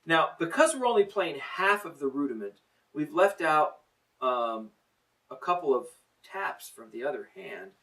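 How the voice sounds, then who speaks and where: A man's voice: a little high, sing-song, measured pace, pushed and bright, recorded from a distance, slight background noise, rough recording. A middle-aged man teaching a drum lesson, counting in and coaching in a plain-spoken, encouraging way.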